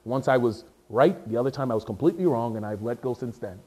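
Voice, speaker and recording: Here a male preacher gives a lively, humorous sermon, often breaking off to restart and repeat his words. His pitch is medium, and he talks fast.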